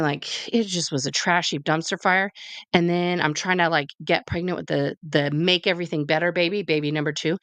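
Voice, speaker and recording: A woman in her forties telling a personal story in casual chat, candid and profane, with animated delivery. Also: on the low side, brisk, no room sound.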